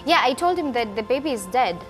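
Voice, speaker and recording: A woman's voice: fairly high pitch, lively intonation, fast talker. A woman in her twenties, a guest telling her personal story in an earnest, emotional interview, with music underneath. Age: 20s. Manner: emotional, earnest, repeats phrases for emphasis.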